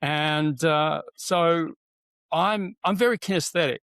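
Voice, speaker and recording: A middle-aged man, a guest telling stories in a casual interview, animated, with many fillers and restarts, acting out what people said. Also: on the high side, takes it slowly, gravelly, smooth, no echo. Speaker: guest, NLP trainer.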